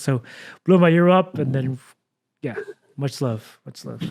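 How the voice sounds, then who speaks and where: A man's voice: mid-range voice, takes it slowly, pauses often, darkish tone. A man from Texas hosting a casual podcast chat, talking in an earnest, rambling way full of fillers. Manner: rambling, earnest, heavy with fillers like "like" and "you know". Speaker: podcast host.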